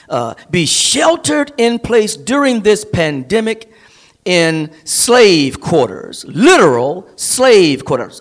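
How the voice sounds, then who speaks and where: A male pastor preaching an emphatic sermon to a streamed congregation. He repeats and builds phrases, rising to near-singing on key words. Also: on the high side. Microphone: streamed service.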